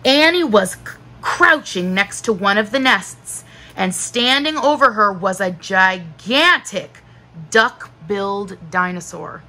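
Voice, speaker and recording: A woman teacher narrating a children's book aloud in a slow, expressive storytelling manner. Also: mid-range voice, low-quality recording.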